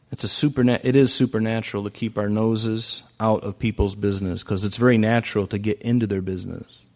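A male pastor giving a sermon in a conversational way. He swings between loud, emphatic lines and soft, hushed passages, and often repeats phrases. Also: lowish voice, fairly even intonation, brisk, hardly any pauses.

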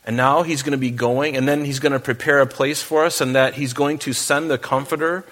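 A man's voice: medium pitch, fairly even intonation, fairly bright tone. Chatty man preaching a Bible study. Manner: conversational, joking asides, reads scripture aloud slowly. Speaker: pastor. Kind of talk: verse-by-verse sermon.

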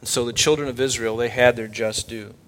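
A man preaching a sermon from the pulpit, his voice sitting at a medium pitch. He talks emphatically and keeps throwing rhetorical questions at his congregation. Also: steady tone, brisk, a bit bright. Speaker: pastor.

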